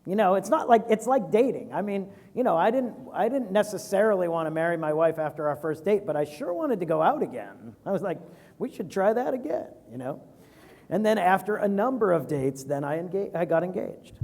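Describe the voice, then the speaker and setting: Lively high-voiced man in an echoey hall. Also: fairly quick. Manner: lively, acts out quoted voices, casual. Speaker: venture capitalist guest. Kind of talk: animated fireside chat.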